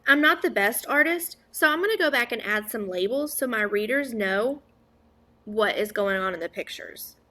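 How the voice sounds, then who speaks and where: A woman teaching a phonics lesson to young children, sounding out words slowly, asking questions and praising answers. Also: a little high, pushed and bright. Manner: stretches out sounds, asks and praises an imagined class.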